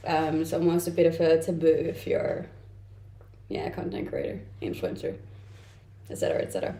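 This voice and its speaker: With a low, dark, sing-song voice and a fairly quick pace, this young content creator from Denmark speaks English with a mixed, Danish-tinged accent. On her livestream she reads chat messages aloud and replies chattily with light laughs, in a room with noticeable echo.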